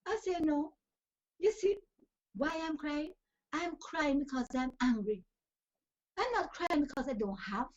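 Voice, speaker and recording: A woman's voice: high voice, lively intonation, a little slow, long pauses. A woman giving an emphatic, preachy motivational talk full of scripture phrases. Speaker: talk show host and life coach. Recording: dull lo-fi recording.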